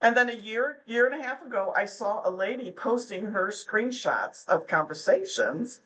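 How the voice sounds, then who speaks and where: A woman's voice: a little high, animated, normal speed, a bit bright, poor audio. A middle-aged woman, a podcast guest, chatting casually and telling stories, often slipping into the voices of the people she quotes. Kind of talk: casual interview chat.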